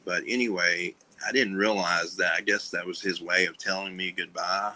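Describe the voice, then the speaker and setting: A man speaking as a podcast guest, telling a personal story candidly in a halting way, with many fillers and restarts, and often trailing off softly. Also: low voice, steady tone, rough recording. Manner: soft-spoken, trailing off. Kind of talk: candid conversation about recovery.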